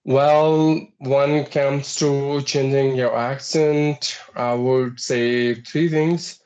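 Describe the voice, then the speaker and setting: A man with an Indian English accent gives measured, step-by-step advice in an English practice conversation. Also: medium pitch, steady tone, darkish tone, clear, resonant tone. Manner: measured, advisory, counts points off one by one.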